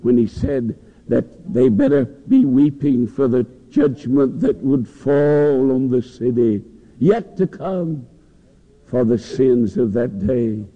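A man's voice: mid-range voice, lively intonation, slow pace. A man preaching a sermon in a church, with passionate, rising and falling delivery. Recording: dull lo-fi recording in a long-echo hall.

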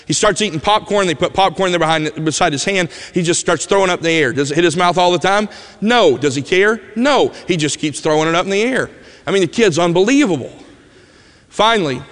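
A man tells a personal story from the pulpit in a somewhat high voice. He is a vivid storyteller who drops to a hush at the tender parts, and his voice carries a long reverb through a large church hall. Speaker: preacher giving a testimony. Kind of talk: emotional sermon storytelling.

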